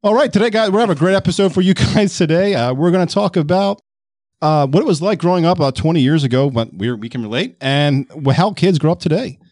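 A man's voice: on the high side, expressive, fast, a little mellow, dry recording, studio quality. A man hosting a podcast in casual banter, loose and laughing easily, swearing freely. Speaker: podcast host.

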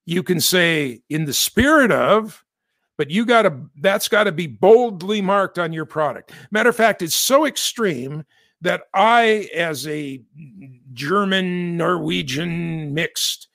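A man's voice: high voice, animated, slow, vocal fry, a bit bright, dry recording, studio quality. A man from the United States giving chatty, self-correcting commentary with jokey asides. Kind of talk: casual spoken commentary.

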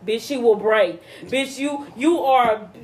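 A woman's voice: fairly high pitch, slow, darkish tone, a little hiss or hum. A woman co-hosting a podcast, giving a brash, profane pep talk in casual chat. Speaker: podcast co-host.

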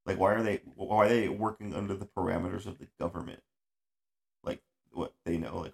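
A man's voice: on the low side, a little fast, gravelly. A man hosting a casual podcast chat, rambling and swearing freely, with frequent laughs. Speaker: podcast host. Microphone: audio-only podcast recording.

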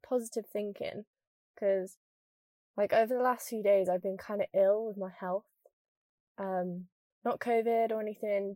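Podcast host: young northern English woman, mild accent, quick rambling chat, very dry close sound. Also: medium pitch, mellow, no echo. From northern England. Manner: fast rambling, lots of "like". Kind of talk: casual chatty monologue.

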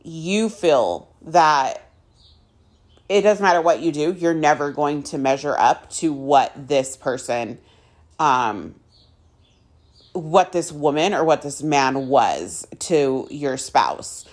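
A woman in her thirties hosts a personal podcast, recounting her own story with open candor. Her voice sits low and her delivery is slow and unhurried, broken by frequent ums and restarts. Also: lively intonation. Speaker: podcast host.

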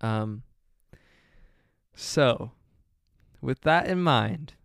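A man's voice: mid-range voice, expressive, very slow, gravelly, fairly bright tone, no room sound, clean studio sound. A young man hosting a solo podcast, rambling along with many fillers and frequent self-corrections. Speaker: podcast host.

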